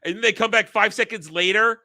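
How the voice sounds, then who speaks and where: A man hosting a casual vlog, ranting about a movie in an animated, exasperated way. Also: high-pitched, brisk. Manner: animated, exasperated, acts out scenes. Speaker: host.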